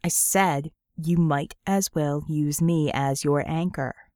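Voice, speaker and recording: A woman voicing a blunt, sarcastic young man in an audiobook, with a lowered, clipped delivery. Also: animated, unhurried, no room sound, clean studio sound. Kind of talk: audiobook character voice.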